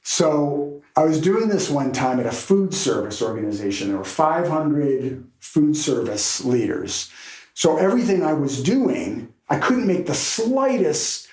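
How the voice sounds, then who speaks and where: Animated man telling stories in a roomy space. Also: fairly high pitch, a little slow. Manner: animated storyteller, laughs while telling. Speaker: podcast guest, keynote speaker. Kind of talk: storytelling in a podcast interview.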